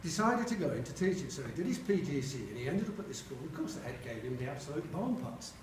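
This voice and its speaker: Older guy from sheffield doing an after-dinner speech, fairly high voice, mic a bit far off, echoey room with faint hum. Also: sing-song, fast. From Sheffield, England. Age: 70s. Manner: jokey storyteller acting out quoted voices. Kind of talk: humorous anecdotes at a reunion lunch. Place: large dining hall. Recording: echoey hall, voice picked up from afar, faint hum.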